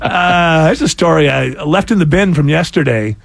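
Brief: male radio host, fifties, slightly high, bone-dry close sound, meandering on-air chatter. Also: gravelly, dry recording. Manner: rambling, halting with many restarts. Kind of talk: casual on-air banter.

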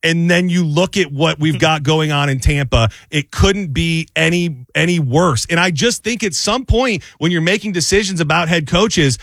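A sports talk host, a man, giving animated, opinionated takes on football. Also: fairly high pitch, normal speed, few pauses, dry recording.

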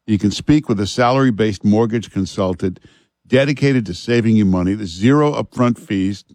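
Radio host, man, lowish voice, relaxed halting delivery full of "uh", dry studio sound. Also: no echo. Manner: relaxed, halting, many "uh" fillers. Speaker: fill-in radio talk show host. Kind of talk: talk radio chat and live ad read. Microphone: studio microphone.

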